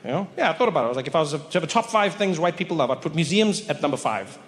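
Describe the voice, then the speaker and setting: A man on a comedy stage races through playful stories for a live crowd, putting on voices as he goes. His voice sits on the high side with lively intonation, and the audio has a big-room feel.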